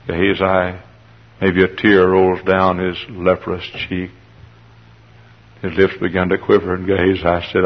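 A man's voice: sits low, completely flat delivery, measured pace, long pauses. A man preaching a sermon and telling the story dramatically. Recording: dull lo-fi sermon recording.

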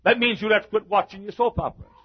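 A middle-aged man preaching a sermon as a pastor, building a repetitive cadence that rises to shouts. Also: sits high, racing, husky. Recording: dull lo-fi recording.

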